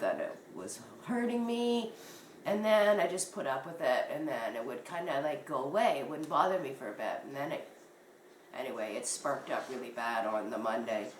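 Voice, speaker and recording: A woman's voice: sits low, far from the mic. A woman vlogger, congested and sniffling, chatting casually to camera and rambling as her voice trails off. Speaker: crochet vlogger. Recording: echoey room, faint noise.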